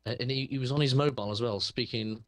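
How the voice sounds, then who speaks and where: A man's voice: medium pitch, fast talker, no echo. Rambling man telling a story. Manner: rambling, hesitant storytelling with many fillers. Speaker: computer repair shop owner, podcast co-host. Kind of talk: casual chat.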